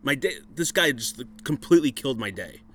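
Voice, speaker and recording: A man telling a bar story in casual chat, profane and animated, acting out what people said. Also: mid-range voice, brisk.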